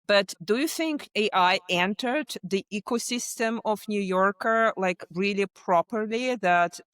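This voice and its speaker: A woman's voice: mid-range voice, a little slow, a bit bright, no echo, studio quality. A woman hosting a podcast interview, asking long questions full of hesitations and fillers. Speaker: podcast host.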